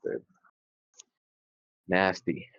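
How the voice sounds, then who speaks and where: A young man co-hosting a podcast in casual chat, excitable and quick to swear and laugh. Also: dry recording. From California. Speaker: podcast co-host. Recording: dry, dull lo-fi sound.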